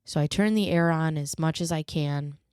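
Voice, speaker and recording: Woman podcast host, personal storytelling, low-pitched and clean-voiced, dry close sound, earnest emotional delivery. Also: normal speed, a little mellow, clear, resonant tone, no echo.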